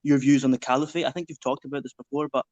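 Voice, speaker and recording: A man from Scotland on a video call, asking a question quickly and earnestly, with fillers. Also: medium pitch, fairly even intonation, a little mellow, no echo. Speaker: caller. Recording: dull lo-fi call audio.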